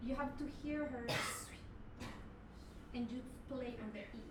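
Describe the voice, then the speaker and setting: A high-voiced woman coaches a singer slowly and patiently, now and then singing a phrase to demonstrate. Her voice is caught from a distance in a roomy hall, with piano in the background. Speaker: voice teacher leading a masterclass. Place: performance hall.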